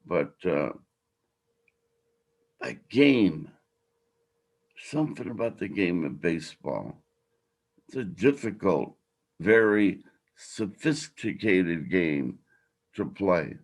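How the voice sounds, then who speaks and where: An older man hosting a podcast, speaking slowly and with feeling. His talk is heartfelt and rambling, and his voice sits a little low. He is moved by his subject. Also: big pitch swings. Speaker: podcast host.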